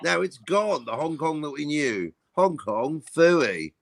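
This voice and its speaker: A man's voice: fairly high pitch, sing-song, slow, vocal fry, no room sound. An English man chatting casually as a guest on a morning stream, teasing and bantering. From England. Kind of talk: casual chat.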